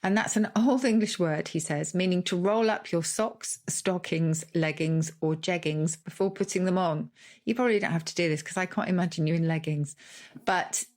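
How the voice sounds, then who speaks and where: Lower-voiced woman explaining words. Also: moderate pace, a little mellow. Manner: explains words, laughs easily. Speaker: podcast co-host. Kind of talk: casual chat.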